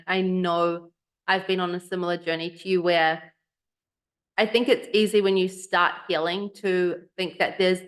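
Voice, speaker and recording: A podcast co-host with a lowish, slightly bright voice talks casually in a reflective, earnest way. Now and then she acts out what other people have said.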